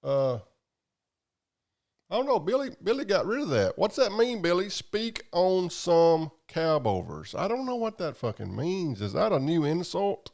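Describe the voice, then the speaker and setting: Big pitch swings mark this man's high voice, which is a little slow, a little mellow, and shows vocal fry. As a livestream host, he reads viewer comments while chatting casually, drawling, rambling, and cursing.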